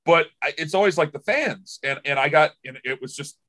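A sports radio show host tells stories in a casual podcast chat, rambling emotionally and repeating and restarting words as he goes. His voice sits a little high and a bit bright, and he talks a little fast.

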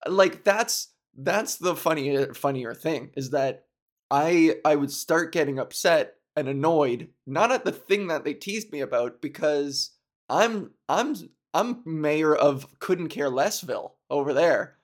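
Man, casual rambling monologue, unhurried delivery, laughs a lot, mocking impressions of others. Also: fairly high pitch. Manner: animated, laughs often, mimics others mockingly.

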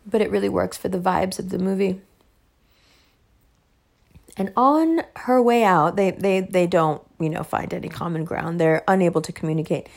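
A woman's voice: lowish voice, level tone, a little fast, vocal fry, hardly any pauses, a little mellow. A woman telling a personal story in a casual monologue, emphatic and heavy on profanity, laughing often.

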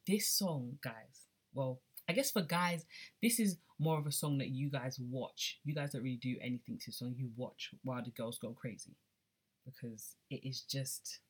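A woman's voice: a bass voice, normal speed, breathy edge. A young adult woman hosting a casual music podcast, chatty and drifting between accents. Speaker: podcast host.

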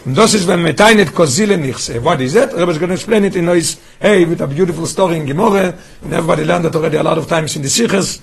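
A man leads a Torah study class in a high, husky voice. He keeps asking his listeners questions and starts phrases over as he works through the text. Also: quick pace, few pauses. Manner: questioning, restarts phrases, quizzes students. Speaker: teacher.

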